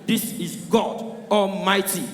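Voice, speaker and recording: A man voicing God as a solemn male caller who announces himself slowly, heard from far off in an echoey hall. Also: high voice, fairly even intonation, fairly bright tone.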